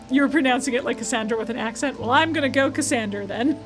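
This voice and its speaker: High-pitched and fairly quick, with lively intonation, a young woman talks through a puzzle game on stream. She reads the game's text aloud, chats, reasons out loud, and corrects herself mid-stream while background game music plays.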